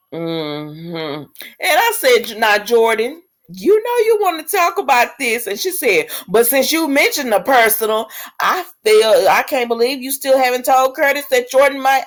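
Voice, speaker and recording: Lively woman recapping a soap, casual. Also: mid-range voice. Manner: animated, laughs often, acts out characters' lines in quoted voices. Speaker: soap opera recap vlogger.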